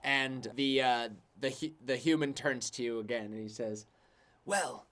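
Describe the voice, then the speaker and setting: A man's voice: mid-range voice, normal speed, fairly bright tone. Rambling man running a tabletop game. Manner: rambling, lots of "like". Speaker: game master.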